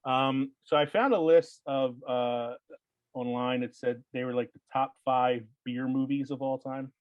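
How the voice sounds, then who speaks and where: A man's voice: mid-range voice, steady tone, unhurried, dry recording, lo-fi sound. A man hosting a casual podcast chat, rambling with lots of fillers and frequent laughs. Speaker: podcast host.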